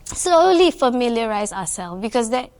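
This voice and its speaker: A woman's voice: on the high side, big pitch swings, normal speed, a little mellow, clean tone. A woman entrepreneur with a Malaysian accent, speaking earnestly in an interview and mixing Malay words into her English. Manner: earnest, mixing English with Malay fillers, frequent "you know". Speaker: entrepreneur and guest. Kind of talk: reflective interview chat.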